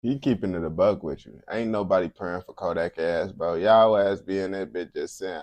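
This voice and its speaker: A man's voice: deep voice, moderate pace, few pauses, darkish tone, no echo. A man streaming casual reaction commentary, blunt and heavy on slang.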